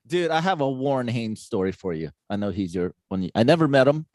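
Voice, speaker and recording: A man hosting a casual chat, reacting briefly and telling his own story in a relaxed way. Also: mid-range voice, dry recording. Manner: relaxed, laid-back chatter with quick reactions. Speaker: podcast host.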